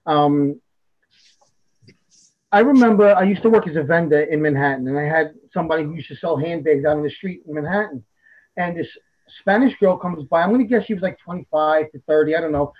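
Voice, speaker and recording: A man, a psychic medium guest telling a story in a blunt, animated way. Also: on the high side, brisk, highs cut off. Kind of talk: casual storytelling interview.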